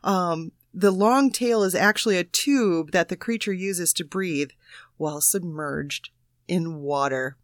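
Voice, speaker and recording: A woman's voice: fairly low pitch, unhurried, no room sound, studio quality. A woman co-hosting a comedic radio show, reading odd news stories and giggling. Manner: giggly, reads stories aloud. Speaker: co-host.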